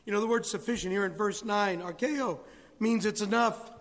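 High-voiced preacher in a reverberant hall. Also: male voice, normal speed. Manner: preaching with rising emphasis, acting out biblical dialogue. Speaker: pastor. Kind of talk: sermon.

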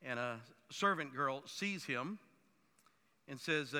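A man's voice: mid-range voice, measured pace, pushed and bright, in a large hall. A man preaching a sermon, emphatic and building in force as he drives his points home. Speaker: pastor.

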